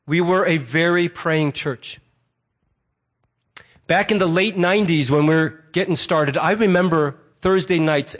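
A middle-aged man preaching a sermon as a pastor, conversational and animated, acting out quoted remarks as asides. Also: on the high side.

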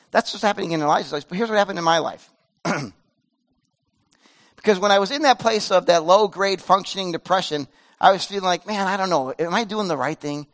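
A pastor in his fifties delivers a sermon in a relaxed, conversational way. His voice sits high for a man, and he moves from loud, pleading passages to quiet, hushed ones. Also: vocal fry. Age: 50s. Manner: casual, earnest preaching that swings between loud pleading and hushed softness.

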